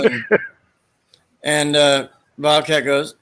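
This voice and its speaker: A man chats casually, rambling through a retelling of movie scenes and dropping into the quoted lines as he goes. His voice is bright and forward, at an everyday pitch. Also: fairly even intonation, a little slow. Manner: rambling storyteller who acts out quoted lines.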